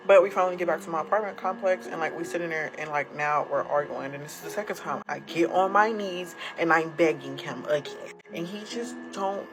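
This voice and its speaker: A woman's voice: sits low, brisk, hardly any pauses, over music, low-quality recording. A young woman sharing a personal story casually to her followers, candid and blunt, swearing freely. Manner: candid, blunt, profane, emotionally raw. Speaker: storytime creator.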